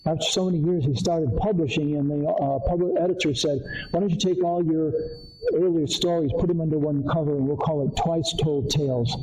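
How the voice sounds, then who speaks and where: A man's voice: on the high side, fairly even intonation, a little fast, dark tone, rough recording. An older man from Connecticut presenting his artwork to a live audience, telling stories with frequent fillers and restarts. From Connecticut, USA. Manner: rambling, anecdotal, frequent fillers. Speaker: artist giving a seminar talk. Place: community arts center meeting room.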